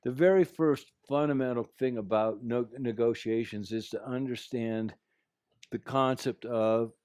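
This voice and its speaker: A man's voice: mid-range voice, unhurried, clear, resonant tone, dry recording, clean studio sound. A man giving an earnest, anecdotal talk about negotiation, telling a personal story to make his point. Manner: earnest storyteller, drops to a quiet voice for quotes. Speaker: speaker sharing life lessons.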